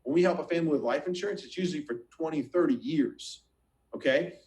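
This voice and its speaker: A man with a fairly high voice delivers an energetic motivational pitch. He talks straight to his listeners, asks them question after question, and stumbles over repeated words as he pushes ahead. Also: fast, poor audio. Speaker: financial business recruiter.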